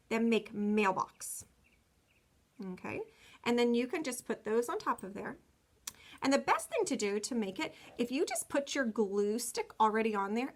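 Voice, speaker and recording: A woman with a somewhat high voice teaching young children in a recorded lesson. She sounds out each word slowly and clearly and gives simple step-by-step directions. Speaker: kindergarten teacher. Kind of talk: recorded remote phonics lesson.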